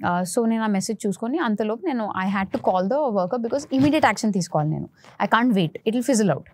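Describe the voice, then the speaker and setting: Fast-talking woman, frank and explanatory. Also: mid-range voice, lively intonation, darkish tone. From India. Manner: frank, explanatory, many "uh" and "you know" fillers. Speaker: interior designer and architect guest. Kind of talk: podcast interview, mixing Telugu and English.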